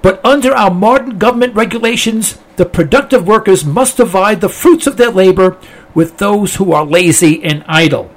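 Man doing farmer figure, smug, lecturing, fairly high voice, measured. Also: expressive.

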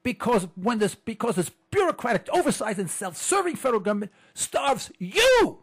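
On his political talk show, this host rants with fervor and hammers phrases through repetition in an impassioned monologue. His voice is extremely high and slightly rough, swinging widely in pitch at a normal speed. The audio comes from a computer setup.

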